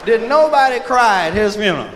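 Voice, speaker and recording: A man performing live stand-up comedy in a large hall, telling loud animated stories and shouting out character bits. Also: sits high, fairly quick. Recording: echoey live concert vinyl with crowd noise. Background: audience laughter and ambience.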